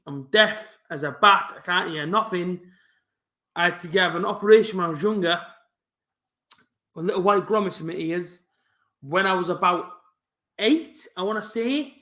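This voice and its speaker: Young male streamer, rapid mumbled delivery with a stutter, casual chat; roomy echo. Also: high voice, fairly bright tone. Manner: fast-talking, mumbling, with a stutter. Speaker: football fan streamer hosting a live match watch-along.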